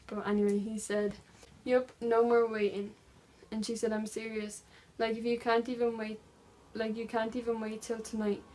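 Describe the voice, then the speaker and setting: A woman's voice: on the high side, completely flat delivery, moderate pace, few pauses, darkish tone, a little hiss or hum, rough recording. A young woman vlogger casually retelling a true-crime story, reading text messages aloud with lots of "like" fillers.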